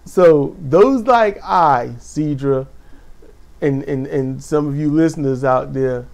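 A man with a gravelly voice giving a casual, animated spoken recap of a show, acting out quotes with sudden high exclamations. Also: takes it slowly. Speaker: wrestling show recap host.

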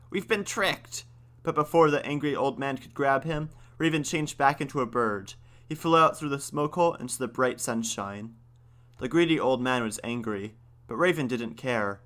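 A man's voice: medium pitch, bright, forceful tone. A young man hosting a podcast, reading a folk tale and then chatting about it with joking, self-correcting asides. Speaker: podcast host.

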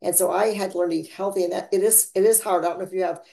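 A woman's voice: fairly even intonation, rapid-fire, vocal fry, warm tone. A woman hosting a casual faith chat, rambling and laughing, with big dramatic swings in her voice. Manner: dramatic swings in pitch and volume. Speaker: podcast host.

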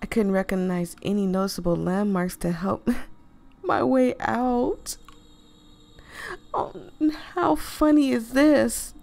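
A woman reading a story game aloud to viewers, animated and expressive, swearing freely and breaking off into laughing asides. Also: a little high, slow pace, vocal fry. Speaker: gaming video creator.

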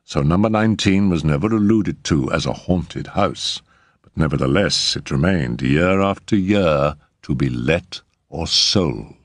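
A man narrating a classic short story as an audiobook, with lively storytelling. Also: a bass voice, measured pace, no echo, clean studio sound.

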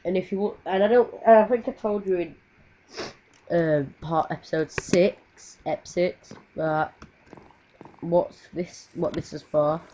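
A woman who makes gaming videos rambles through casual commentary as she plays, swearing often and singing to herself. Her voice is lowish, steady and dark in tone, delivered slowly, and the home mic sounds muffled and noisy.

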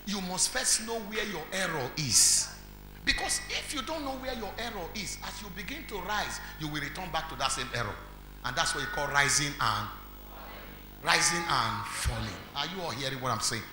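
A man with a Nigerian accent preaching a sermon as pastor, quizzing the congregation and building to shouts. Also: fairly high pitch, lively intonation, normal speed. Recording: echoey hall with faint music.

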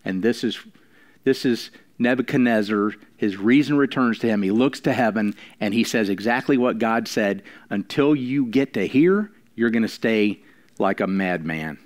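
Low-voiced man preaching a sermon. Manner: preaching with slowed emphatic lines and sudden quiet drops. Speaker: pastor. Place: church.

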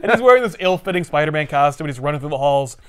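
A man with a slightly raised voice chats through a comic book plot. He jumps in and out of character voices, animated and playful, in a loose podcast conversation. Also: on the high side, rapid-fire, a crowd in the background. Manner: animated storyteller who acts out the characters' lines. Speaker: podcast host. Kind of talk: casual comic book recap chat.

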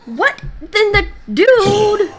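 A woman's voice: extremely high pitch, very animated, extremely slow, noisy background. A woman gamer giving goofy, playful let's-play commentary, humming silly noises as she plays. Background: game music.

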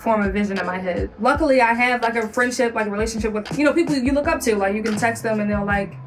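A woman's voice: fairly high pitch, fast talker. Chatty woman with a raised voice. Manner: chatty, leans heavily on "like" fillers; playful, teasing. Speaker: musician and entertainer. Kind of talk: casual vlog talk to camera. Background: music playing.

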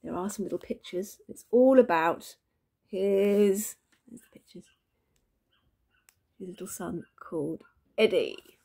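A woman teacher reading a book of poems aloud to her class in lively, expressive storytelling. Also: mid-range voice, slow, creaky, pauses often, breathy edge. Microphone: phone camera.

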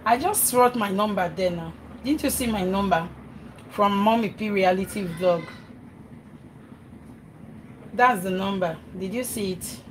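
A woman's voice: mid-range voice, a little slow, long pauses, poor audio. Nigerian woman, chatty livestream host, faint background noise, phone mic. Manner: chatty, reads comments aloud, scolds her children between remarks. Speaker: vlogger and mother. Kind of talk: casual cooking livestream chat.

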